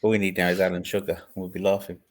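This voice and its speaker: Deep husky man with dry quips. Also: little pitch movement, quick pace. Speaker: podcast co-host. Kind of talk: casual chat.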